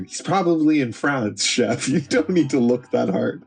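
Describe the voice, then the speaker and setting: A man's voice: medium pitch, lively intonation, moderate pace, darkish tone, faint music behind. A man with an Irish accent hosting a livestream, chatting casually with viewers in a joking, teasing way and laughing often. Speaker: livestream host.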